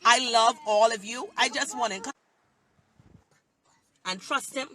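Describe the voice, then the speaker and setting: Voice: mid-range voice, moderate pace, pushed and bright. A pastor preaching on a phone livestream, emphatic and repetitive, with heavy dialect.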